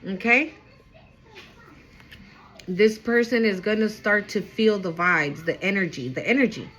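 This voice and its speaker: The recording is poor, carrying a woman's mid-range voice as she gives viewers a laid-back spiritual reading. Working as an intuitive card reader, she's chatty, emphatic and casually profane, with excitable, quick jumps in loudness.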